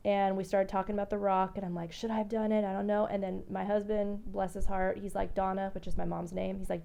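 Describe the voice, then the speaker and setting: Gravelly-voiced woman telling a story. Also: medium pitch, flat delivery, brisk, few pauses, mellow, highs cut off. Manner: rambling, candid, swears freely. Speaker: podcast host. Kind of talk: casual storytelling monologue.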